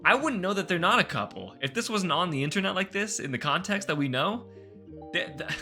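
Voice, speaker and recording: A man's voice: sits high, fairly quick, soft background music. A man hosting a reaction video, commenting casually in an incredulous, stammering way with nervous laughs. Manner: animated, incredulous, stammering exclamations.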